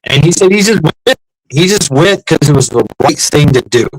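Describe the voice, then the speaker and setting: A man's voice: fairly high pitch, expressive, moderate pace, no room sound, low-quality recording. A middle-aged man chatting casually, telling rambling stories with lots of swearing and restarts. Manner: profane, rambling storyteller with many restarts. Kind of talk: casual chat.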